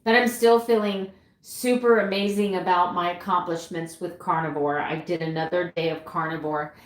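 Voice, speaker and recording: A woman's voice: fairly low pitch, fairly even intonation, moderate pace, reverberant. A middle-aged woman vlogging live, earnest and openly emotional, sighing and greeting viewers as she reads their messages. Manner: frequent sighs and fillers, warm greetings to viewers. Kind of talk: livestream chat, reading viewer messages.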